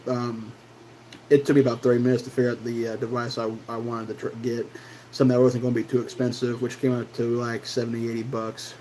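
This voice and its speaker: A man's voice: medium pitch, level tone, quick pace, warm tone, a little hiss or hum, low-quality recording. A man hosting his own channel, telling a personal story in a loose, casual way, full of fillers and restarts. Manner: rambling, many fillers and restarts. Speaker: channel host.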